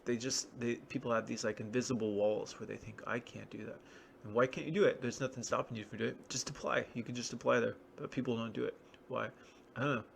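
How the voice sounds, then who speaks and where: Rambling, gravelly-voiced man. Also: medium pitch, fairly even intonation, quick pace, slight background noise. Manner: rambling, wry, self-deprecating. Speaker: vlogger. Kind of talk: casual rambling monologue.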